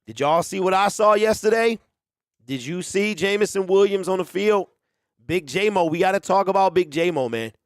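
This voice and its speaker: A man hosting a casual sports talk stream, animated, who exclaims and repeats himself. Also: sits high, normal speed, no echo, studio quality. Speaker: sports show host.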